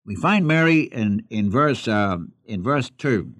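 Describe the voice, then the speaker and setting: A man's voice: medium pitch, expressive, unhurried, fairly bright tone, dry recording. A man preaching a sermon who reads scripture aloud and puts questions directly to his listeners. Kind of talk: expository sermon.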